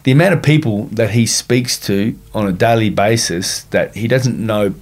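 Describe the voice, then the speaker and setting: Blunt Australian man, low voice. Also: moderate pace. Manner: blunt, swears freely, tells stories with voiced quotes. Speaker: guest, former boxer. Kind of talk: casual podcast chat.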